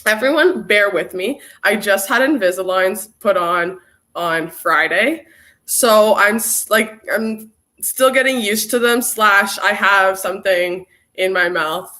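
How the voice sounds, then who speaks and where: A woman's voice: medium pitch, takes it slowly, sharp tone. A young woman hosting an informal online workshop, chatting casually and greeting viewers by name as she reads their comments. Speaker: workshop host. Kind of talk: casual livestream chat.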